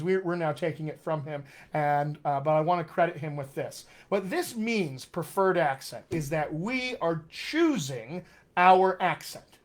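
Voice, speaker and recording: Upbeat man coaching accents live. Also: a little high. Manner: upbeat, chatty, encouraging. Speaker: dialect coach. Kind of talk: live-stream accent lesson reading comments.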